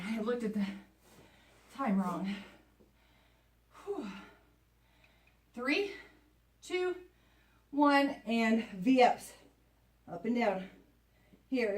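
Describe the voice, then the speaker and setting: Higher-pitched woman coaching a workout. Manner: chatty, encouraging, counts down reps. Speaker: fitness instructor. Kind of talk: workout coaching while exercising. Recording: echoey room, voice from a distance.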